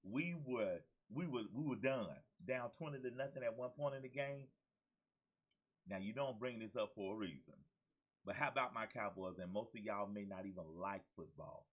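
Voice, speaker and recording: A man's voice: fairly low pitch, normal speed, dull audio. A man, hosting his own show as a motivational coach. He talks with exuberant energy, repeats his key phrases and calls out to his listeners like a preacher. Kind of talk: energetic motivational talk to camera.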